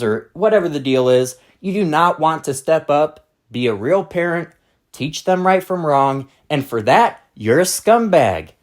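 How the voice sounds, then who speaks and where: Male vlogger, fed-up scolding rant, casual slangy delivery, mid-range voice. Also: mid-range voice. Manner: exasperated, blunt, scolding. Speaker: channel host. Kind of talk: ranting monologue to camera.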